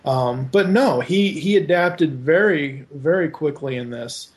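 A man hosting a casual podcast chat, rambling with halting restarts and drifting onto tangents. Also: on the high side, animated. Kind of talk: casual podcast chat about an animated movie.

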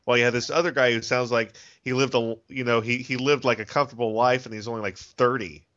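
A man's voice: mid-range voice, steady tone, fast, fairly bright tone. A man hosting a podcast in casual chat, joking and sarcastic. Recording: dull lo-fi podcast audio.

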